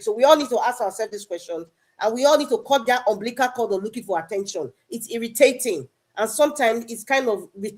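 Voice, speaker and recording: A woman speaking earnestly in a live online audio discussion, often repeating herself and calling out to people by name. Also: on the high side. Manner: earnest, repetitive, addresses people directly. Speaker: online political discussion participant.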